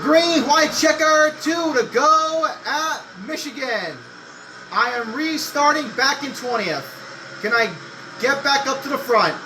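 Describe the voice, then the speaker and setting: High-voiced excitable young man gaming. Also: takes it slowly, noisy background. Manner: excitable, swearing, yells at the game. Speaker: racing game streamer. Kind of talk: gameplay commentary.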